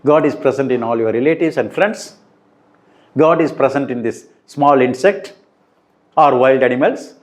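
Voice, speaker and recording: A middle-aged man, giving a slow, deliberate spiritual talk that turns emphatic on key points. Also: medium pitch, a little mellow. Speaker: spiritual teacher. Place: room indoors.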